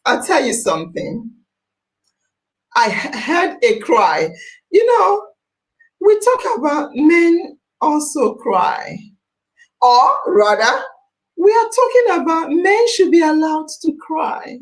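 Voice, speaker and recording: Impassioned female podcast host, fairly high voice, unhurried and emphatic. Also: sing-song, low-quality recording. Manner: emphatic, preachy, repeats phrases, rises to near-shouts.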